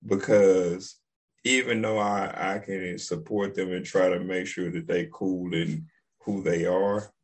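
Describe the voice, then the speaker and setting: A man's voice: deep voice, fairly even intonation, takes it slowly. A man co-hosting a podcast in casual, laid-back chat. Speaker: podcast co-host.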